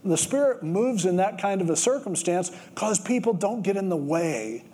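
Conversational male pastor, slightly high voice. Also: moderate pace. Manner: conversational storytelling, with lively acted quotes. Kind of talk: sermon.

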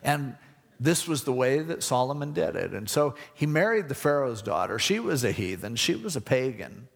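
A man's voice: mid-range voice, very animated, normal speed, long reverb tail. A man preaching a conversational sermon, acting out the voices in his stories. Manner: conversational, acts out voices in anecdotes. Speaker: pastor.

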